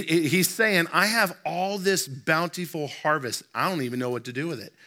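A man preaching a sermon as pastor, emphatic and full of rhetorical questions to the congregation, slowing down when he reads scripture aloud. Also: on the high side, sharp tone. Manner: slows down to read scripture aloud.

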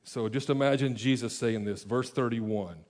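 A man's voice: medium pitch, moderate pace, a little mellow. A man preaching a conversational sermon as pastor, explaining verses with casual asides and self-corrections.

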